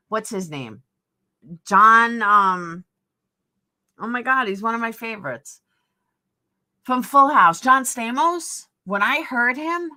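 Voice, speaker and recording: A woman's voice: lowish voice, pushed and bright. A middle-aged woman with a New York accent, chatting bluntly on a live stream and answering viewer comments. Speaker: livestream host. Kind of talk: casual live-stream chat.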